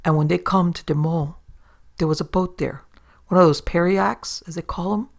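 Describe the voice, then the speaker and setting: A woman's voice: lowish voice, steady tone, normal speed, vocal fry. A woman narrating a horror tale of the sea in a folksy sailor-yarn manner. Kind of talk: horror story reading.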